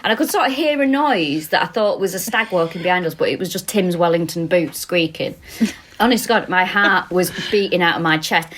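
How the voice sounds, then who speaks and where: A woman's voice: fairly low pitch, brisk, a little hiss or hum. Mancunian woman telling a story. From England. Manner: storytelling, swearing, animated. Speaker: podcast co-host. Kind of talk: casual comedic chat. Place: countryside home, recording remotely. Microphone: remote call.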